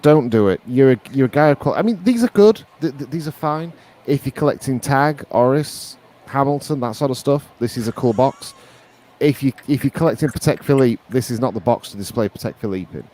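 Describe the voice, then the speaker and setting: A man's voice: mid-range voice, lively intonation, fairly quick, dark tone. Earnest man giving friendly advice. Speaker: guest. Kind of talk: casual chat.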